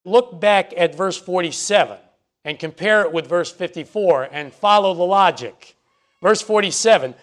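Guy with a slightly high voice teaching scripture, steady, leans hard on the verses. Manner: measured, emphatic on quoted scripture. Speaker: bible teacher. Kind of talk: expository bible teaching.

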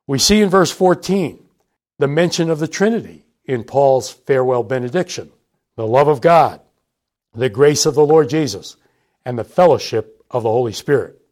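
A man delivering a scripted sermon, measured and deliberate, repeating key points for emphasis. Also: fairly high pitch, a little mellow. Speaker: preacher.

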